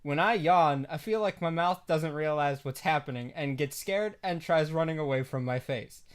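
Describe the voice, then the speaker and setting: Giggly young man, a little high-pitched. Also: normal speed, clear, resonant tone. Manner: giggly, playful, jokes about. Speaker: podcast co-host. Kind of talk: casual chat.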